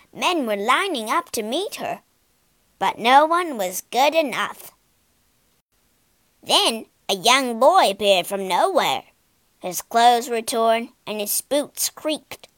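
A woman voicing a talkative male crow who croaks "caw" as he speaks, in a slow, lively storybook reading. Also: high-pitched, no room sound, clean studio sound, heavily acted.

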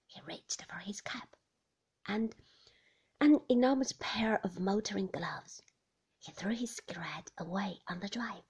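A woman reading a novel aloud, whispering the narration and speaking the dialogue louder. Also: medium pitch. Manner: slow and breathy, whispering the narration and raising her voice for dialogue. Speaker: reader.

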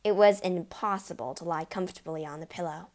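A woman narrating a storybook reading in an expressive, lively way. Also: on the low side, a little fast.

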